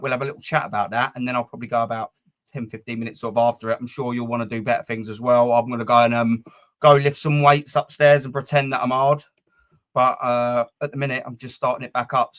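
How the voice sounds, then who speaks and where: A man's voice: medium pitch, fairly bright tone. A young man hosting a live football fan stream, reading chat comments and talking bluntly with plenty of swearing, fillers and repeated words.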